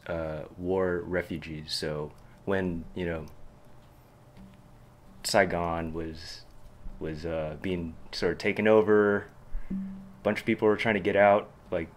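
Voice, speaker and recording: Brief: laid-back man, very low voice, rambling casual chat, faint noise behind. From Southern California. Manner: relaxed, rambling, laughs often. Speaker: guest artist. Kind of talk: casual chat while sketching.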